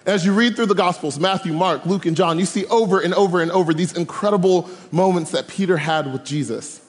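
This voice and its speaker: High-voiced preacher in a reverberant hall. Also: male voice, fairly quick. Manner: animated, humorous, slangy storytelling. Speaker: camp speaker. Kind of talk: youth sermon. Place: large room with live audience.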